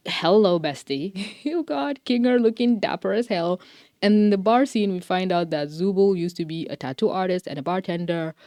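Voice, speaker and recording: A young woman giving a casual, animated commentary review, laughing often and dropping slangy, swearing asides. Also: medium pitch, no echo, clean studio sound. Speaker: show reviewer.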